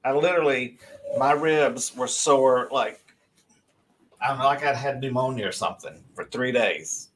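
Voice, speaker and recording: A man tells a long story as a show guest. He rambles and restarts, animated and lively as he goes. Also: mid-range voice, moderate pace. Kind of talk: casual storytelling on a live show.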